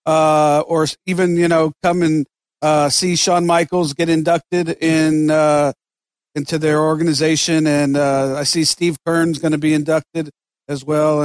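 A man hosting a podcast, joking with his guest in a halting, casual way. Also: fairly high pitch, dry recording, studio quality. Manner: joking, halting, many fillers. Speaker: podcast host. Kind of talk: casual interview chat.

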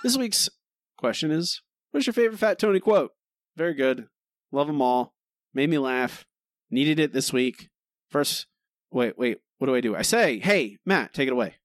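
A man's voice: medium pitch, very animated, moderate pace, dry recording. A man co-hosting a podcast, chatting casually and giving sardonic verdicts on an episode. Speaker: podcast co-host. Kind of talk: casual chat.

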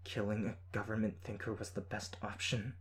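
A man's voice: medium pitch, a little fast, a little mellow, lightly acted. A man voicing a firm, commanding female team leader. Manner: firm, tight.

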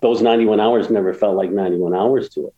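A man's voice: lowish voice, fairly even intonation, fast, echoey room, phone-quality sound. A man guest telling a story in a casual interview, rambling with many restarts and getting emotional. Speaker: guest, golf course builder.

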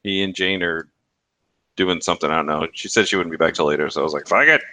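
A man co-hosting a podcast, chatting in a relaxed, rambling way with hesitations. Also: low voice, fast, dry recording. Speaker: podcast co-host. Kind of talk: casual chat.

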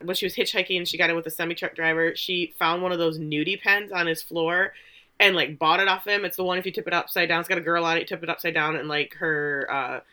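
A woman's voice: fairly low pitch, steady tone, fast talker, bright, forceful tone, smooth. A woman co-hosting a podcast, rambling playfully as she recaps a TV episode. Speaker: podcast co-host recapping a TV show. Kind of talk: casual chat recap.

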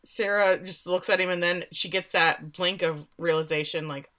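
A woman's voice: fairly low pitch, fairly even intonation, normal speed, fairly bright tone. A woman casually recapping a story on a podcast, acting out the characters' lines as she goes. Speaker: podcast co-host recapping a show. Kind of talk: casual chat.

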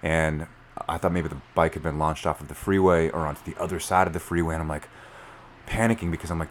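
A man, telling a story as a podcast guest in an animated way, full of fillers. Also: very deep voice, brisk, slight background noise. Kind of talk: storytelling in conversation.

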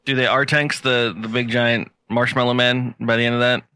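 A man's voice: medium pitch, flat delivery, normal speed, pushed and bright, clear, resonant tone, no echo. A man co-hosting a casual podcast, joking and swearing through the banter. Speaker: podcast co-host.

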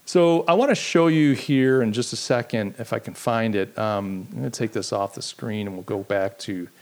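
A man's voice: fairly low pitch, moderate pace, darkish tone. A middle-aged man hosting a live-streamed podcast, chatting casually, rambling and poking fun at himself while answering his live chat. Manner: rambling, self-deprecating, talks to live chat. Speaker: podcast host.

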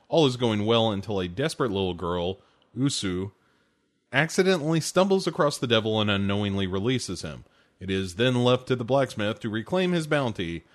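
A man hosting a casual film review, talking in a rambling, relaxed way with lots of "uh" and "um". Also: medium pitch. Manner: rambling, relaxed, many fillers. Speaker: podcast host reviewing films. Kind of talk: casual chat.

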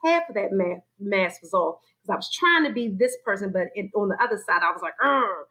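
Woman telling her faith story in an interview, very expressive, acts out what she thought and said, mid-pitched voice. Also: a little fast, rough recording. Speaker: guest sharing her story. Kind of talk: personal faith testimony in conversation.

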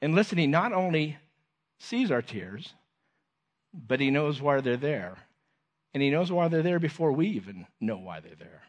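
A man with a slightly raised voice delivers an earnest sermon. He repeats key phrases and lets his sentences drop gently and quietly at the close. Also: on the high side, sing-song, moderate pace, pauses often. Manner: earnest, repeats phrases, drops softly at ends of lines. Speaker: preacher.

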